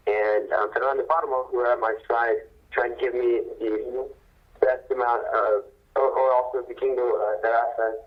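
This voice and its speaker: 18-ish guy calling in, earnest, steady, says um a lot, mid voice, muffled phone sound. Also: mid-range voice. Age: young adult. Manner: measured, earnest, with many ums. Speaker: professional boxer guest. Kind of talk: phone interview. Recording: dull phone line.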